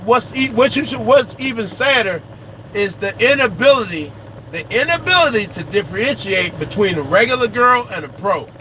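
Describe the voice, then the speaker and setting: A man with a notably high speaking voice talks straight to his viewers about his life, swearing often and repeating phrases to drive them home. He sounds animated and unfiltered. The recording is outdoors, with clear road and city noise under his voice. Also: moderate pace, low-quality recording. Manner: animated, profane, repeats himself for emphasis. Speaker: trucker vlogger. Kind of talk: casual outdoor talk to viewers.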